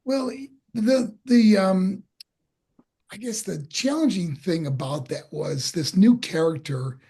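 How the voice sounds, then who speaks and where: A man's voice: high-pitched, takes it slowly, breathy edge. An older man in his sixties with a crackly voice, telling stories from his career as an interview guest and acting out what people said. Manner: animated storyteller, acts out quotes. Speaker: guest, former pro wrestler. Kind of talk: storytelling interview.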